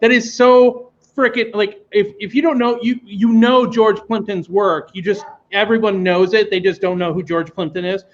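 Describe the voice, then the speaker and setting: Rambling, high-voiced male show host. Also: steady tone, normal speed, highs cut off. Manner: enthusiastic and rambling, with fillers.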